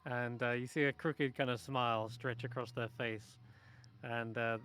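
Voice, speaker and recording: A man narrating a tabletop game as game master, halting with many ums and restarts. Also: medium pitch, little pitch movement, fairly bright tone, a little hiss or hum.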